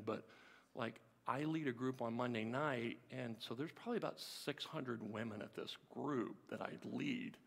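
A man preaching a sermon, telling a story in an animated way with laughing asides. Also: mid-range voice, creaky. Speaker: pastor. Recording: long reverb of a hall.

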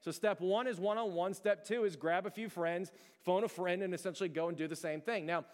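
A male pastor preaches in a fairly high, smooth and resonant voice. His delivery is conversational and earnest, with emphatic storytelling. The sound carries a long reverb, as if from a large church hall. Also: brisk. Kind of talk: sermon.

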